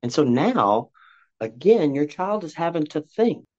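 A man giving parenting advice as a podcast guest, lively and talkative, acting out conversations between parent and child. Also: a little high, unhurried. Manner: animated, acts out parent-child dialogue. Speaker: guest, youth counselor. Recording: dull lo-fi audio.

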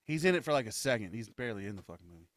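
A man's voice: lowish voice, big pitch swings, racing, fairly bright tone, no echo, clean studio sound. Laughing, cursing podcast co-host guy. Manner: swears a lot, laughs often, quotes comedy bits. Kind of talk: casual podcast banter.

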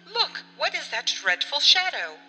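A woman's voice: on the high side, sing-song, moderate pace, pushed and bright, slightly rough, voice pushed up, full character voice. A woman voicing a horrified middle-aged married sister who stammers and sounds scared. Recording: long reverb with faint music.

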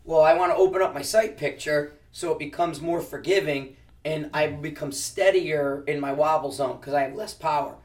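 A man's voice: a little high, moderate pace, distant mic. A man who teaches precision rifle shooting, answering interview questions casually and explaining with practical analogies, often restarting his sentences.

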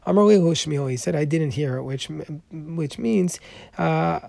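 A man's voice: on the high side, unhurried, vocal fry, warm tone, dry recording. A man teaching a Talmud class, reading Aramaic passages aloud and explaining them in English with frequent restarts.

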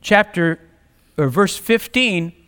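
A man's voice: sits high, lively intonation, takes it slowly, fairly bright tone, clean tone. A man preaching a sermon, reading scripture aloud and speaking earnestly with repetition for emphasis. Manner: reads scripture aloud, conversational asides.

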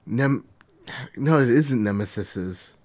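A man's voice: medium pitch, expressive, slow, a little mellow. A young man co-hosting a casual gaming news chat, joking and sarcastic, swearing freely. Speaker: co-host.

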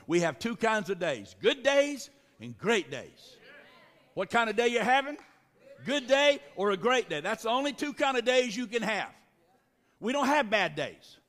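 A man's voice: very high-pitched, big pitch swings, moderate pace, fairly bright tone. A man preaching a sermon as pastor, exhorting the congregation with repeated calls and responses. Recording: long reverb of a large hall.

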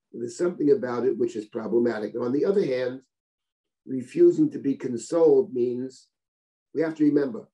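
A man's voice: medium pitch, dark tone, low-quality recording. A man giving a Torah study lesson, reading Hebrew verses aloud and translating them, asking "right?" as he explains. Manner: thoughtful, asks rhetorical checks with "right?". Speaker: Torah teacher. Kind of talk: text study lecture.

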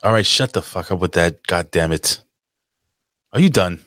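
Deep-voiced, swearing podcast co-host. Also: male voice, animated, normal speed, fairly bright tone, dry recording, clean studio sound. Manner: brash, profane banter. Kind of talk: casual chat. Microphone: podcast microphone.

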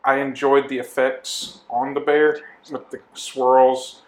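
A man's voice: mid-range voice, little pitch movement, slow. A man in a casual movie chat, earnestly talking through what he enjoyed. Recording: echoey room.

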